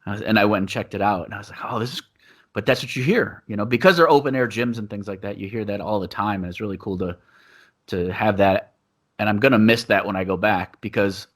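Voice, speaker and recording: A man's voice: lowish voice, fairly bright tone. A man co-hosting a podcast and coaching Muay Thai, talking in a rambling casual way and laughing often. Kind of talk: casual chat. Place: living in Thailand.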